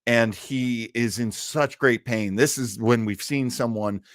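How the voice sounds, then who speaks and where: A man co-hosting a casual review podcast, animated, his voice jumping high when he is surprised. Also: a little slow, no room sound, clean studio sound. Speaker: podcast co-host.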